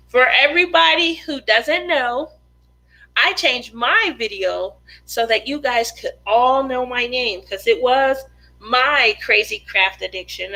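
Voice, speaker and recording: A woman's voice: on the high side, sharp tone, low-quality recording. A craft channel host, a woman, chatting casually on a live stream and reading viewer comments, giggly and laughing often.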